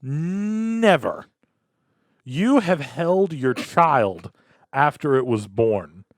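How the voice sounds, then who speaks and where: A man's voice: mid-range voice, big pitch swings, slow, no echo, clean studio sound. A man co-hosting a podcast, telling a comic story in casual chat and acting out voices, laughing often. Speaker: podcast co-host.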